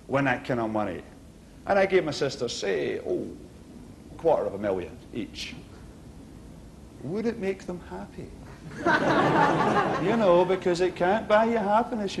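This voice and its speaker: Over a noisy background, a middle-aged stand-up comedian with a Glaswegian accent delivers his set in a high-sitting voice. He stays animated, voicing the people and exchanges in his stories.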